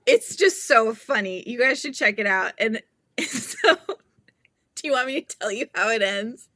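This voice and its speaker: Female livestream host with a bright, crisp, somewhat high voice, giggly and chatty. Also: animated, unhurried, no room sound. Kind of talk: casual livestream chat while crocheting.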